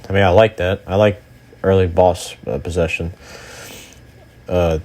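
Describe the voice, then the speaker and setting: Young male gaming host with a very deep voice; loose, rambling commentary full of fillers and casual cursing. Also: steady tone, unhurried, a little mellow.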